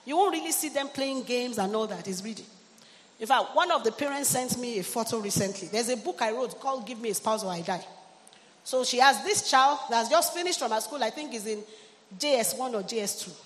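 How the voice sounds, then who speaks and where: A middle-aged woman pastor preaching a sermon, exhorting her congregation and calling for amens and hallelujahs. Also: on the high side. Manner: exhorting, call-and-response with the congregation. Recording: long church hall reverb, faint ambient noise.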